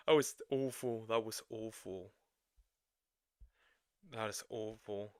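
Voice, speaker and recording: A man's voice: fairly low pitch, slow pace, pauses often, clear, resonant tone, no room sound, clean studio sound. A man with a non-native English accent, chatting casually on a livestream, rambling and restarting his sentences. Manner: rambling, animated, laughs often, restarts sentences. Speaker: streamer reacting to videos and chatting.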